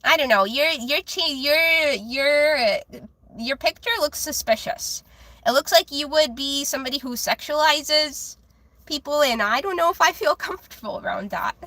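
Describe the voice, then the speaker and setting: High-voiced young woman, childlike tone. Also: animated, normal speed, pushed and bright, no room sound. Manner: chatty, giggly, reads chat aloud. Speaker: livestream tarot reader. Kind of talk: casual livestream chat.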